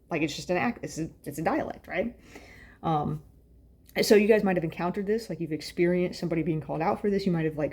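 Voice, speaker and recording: Lower-pitched woman giving a casual lecture. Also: darkish tone. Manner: conversational, many fillers and "like"s. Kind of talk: university lecture.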